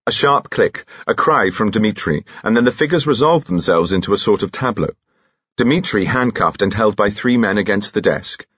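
Deep, husky male narrator. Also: no room sound, lo-fi sound. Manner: measured, expressive reading. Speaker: audiobook narrator. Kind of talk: scripted narration with character voices.

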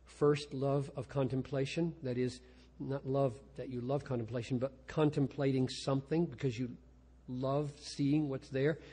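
An older man speaks as a pastor in a lecture, candid and self-deprecating, stumbling over restarts as he explains his craft. His voice is a little husky, and a long hall reverb trails behind each phrase. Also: mid-range voice, level tone, a little slow, dark tone. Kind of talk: lecture talk with poetry reading.

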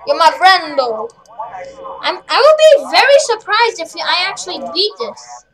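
A woman's voice: very high voice, big pitch swings, a little slow, crowd noise, rough recording. A woman commenting on her own horror game playthrough, jumpy and rambling, cracking silly jokes and yelping now and then. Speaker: gamer playing a horror game. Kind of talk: let's play commentary.

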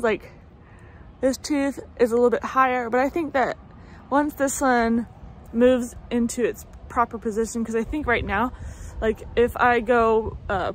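An American vlogger in her thirties gives a casual update from home in summer, with traffic passing outside. Her voice is on the high side, she rambles with plenty of fillers and restarts, and there's a little hiss or hum.

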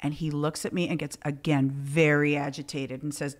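A middle-aged woman hosts a casual chat, with a somewhat low voice for a woman. She tells stories with swearing and acts out what people said. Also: normal speed, few pauses. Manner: profane, animated storytelling with quoted dialogue. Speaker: podcast host.

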